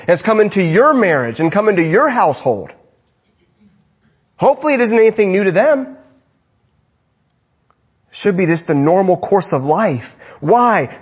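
A man preaching a sermon in a church, his voice a little husky and pitched somewhat high for a man. He swings between emphatic, raised lines and quiet, hushed asides as he addresses his congregation. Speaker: pastor. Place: church sanctuary.

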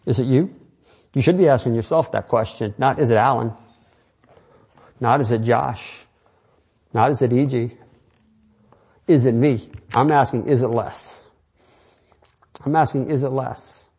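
A man's voice: mid-range voice, measured pace, pauses often, darkish tone, husky. A man who is a pastor, preaching an earnest, rambling sermon full of restarts and fillers.

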